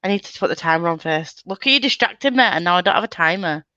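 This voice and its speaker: A woman hosts a reading sprint over a video call, laughing often and teasing her friends as she chats. Her voice sits at a middle pitch and comes through a dry, slightly muffled computer mic. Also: animated, fast, pushed and bright, no echo. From England. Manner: giggly, teasing, chatty. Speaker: booktube host. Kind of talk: casual chat on a video call.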